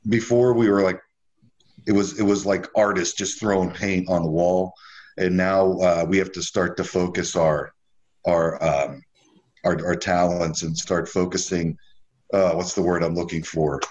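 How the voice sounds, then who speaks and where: Deep-voiced rambling man on a call. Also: fairly even intonation, unhurried, darkish tone, highs cut off. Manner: rambling, searches for words with many fillers. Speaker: brewery owner guest. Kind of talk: casual podcast chat. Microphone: remote video call.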